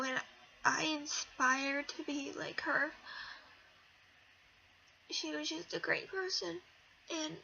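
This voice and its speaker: A teenage girl vlogging about something personal, halting and fighting back tears, with many pauses and fillers. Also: sits high, vocal fry, pushed and bright. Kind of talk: emotional personal talk to camera. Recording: dull lo-fi audio with faint hiss.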